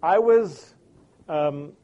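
The audio here is dull. A man with a fairly high, mellow voice and lively intonation stretches out his words while teaching about listening, sharing anecdotes and impersonating the people in them.

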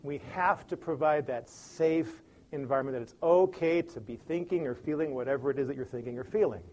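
Chicago guy doing a motivational talk, slightly high voice, acts out little scenes, speeds up and slows down a lot. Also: lo-fi sound. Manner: animated storyteller, big swings of pace and loudness. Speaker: speaker on communication. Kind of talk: lively motivational talk with acted-out examples.

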